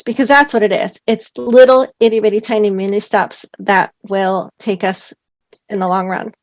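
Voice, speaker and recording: A woman guest in an interview, a speech-language pathologist, talking in an upbeat way with frequent "um" fillers. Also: medium pitch. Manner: upbeat, uses expressive example voices. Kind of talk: conversational interview.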